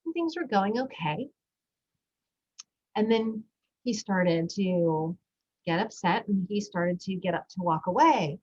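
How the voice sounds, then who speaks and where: A woman's voice: mid-range voice, expressive, takes it slowly, pauses often, darkish tone, highs cut off. A middle-aged woman, a parenting coach, talking in a reflective, storytelling way about her own family life. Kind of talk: podcast talk with a guided breathing moment.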